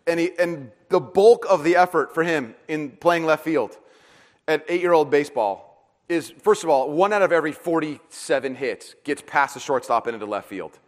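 Here a middle-aged man preaches with a slightly high voice at a moderate pace. As a pastor, he tells self-mocking stories and lively plays out the different voices, recorded with long hall reverb.

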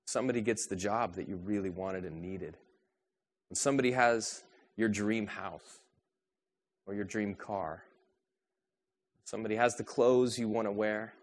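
A man preaching a sermon, asking rhetorical questions and moving between a soft, low delivery and a raised, urgent one. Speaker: pastor.

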